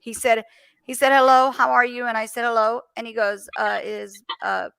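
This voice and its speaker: A woman chatting casually, telling a story with lively acted-out phone dialogue. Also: on the high side, normal speed, creaky, clean tone. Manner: animated storyteller, acts out phone calls. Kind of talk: casual chat.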